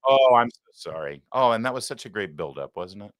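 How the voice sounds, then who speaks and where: A man's voice: fairly low pitch, animated, fairly quick, a bit bright, no echo, studio quality. A man hosting a political commentary show, talking in a sarcastic, mocking way. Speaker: show host.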